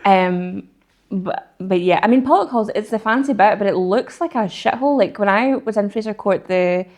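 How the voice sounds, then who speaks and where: A woman's voice: mid-range voice, moderate pace. A woman with a West of Scotland accent, chatting casually and swearing freely as she tells stories. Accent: West of Scotland Scottish. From West of Scotland, near Clydebank. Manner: sweary, animated storytelling. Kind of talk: casual chat.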